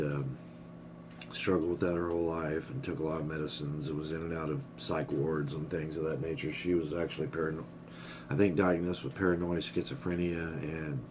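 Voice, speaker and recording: His pitch is extremely low, and there's noise in the background. In this casual vlog, the middle-aged man rambles with frank honesty, swears freely, and grows emotional until he's choked up.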